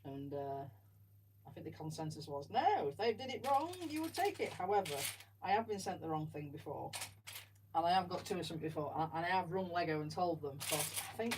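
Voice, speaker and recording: A woman livestreams herself building Lego, chatting casually to viewers in a rambling, self-deprecating way. Her voice sits low with a darkish tone, picked up by a distant mic with faint background noise.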